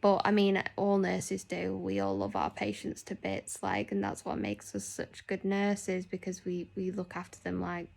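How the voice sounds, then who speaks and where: A woman's voice: lowish voice, moderate pace, gravelly, hardly any pauses, a little mellow. A young woman chatting casually in a vlog, rambling with lots of fillers. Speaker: nurse.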